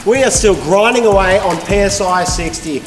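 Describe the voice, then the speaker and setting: High-voiced man in an echoey promo. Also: moderate pace. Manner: bright sales pitch. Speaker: host reading a promo. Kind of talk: upbeat sponsor plug. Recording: echoey room with long reverb. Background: music.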